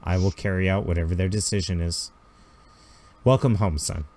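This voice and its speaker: A man voicing a gentle, dignified tribal mother in a tabletop game, speaking softly and calmly. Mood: calm tender. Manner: soft, measured, lower and quieter.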